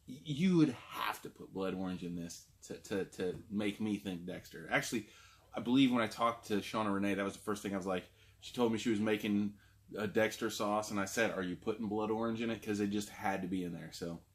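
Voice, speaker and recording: Host, male, somewhat low voice, loose rambling vlog chat. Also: brisk. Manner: chatty and rambling, frequent fillers. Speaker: food review show host. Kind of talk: casual vlog talk.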